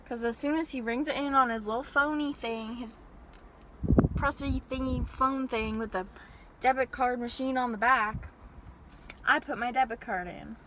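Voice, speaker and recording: A young woman telling an animated, exasperated story-time rant from her parked car. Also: a little high, moderate pace, background noise. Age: young adult. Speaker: vlogger.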